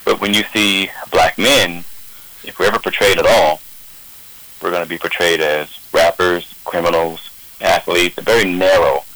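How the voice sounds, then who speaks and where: A man calling into a radio talk show, speaking earnestly and measured with frequent restarts. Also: deep voice, fairly bright tone, dry recording, rough recording. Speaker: call-in guest.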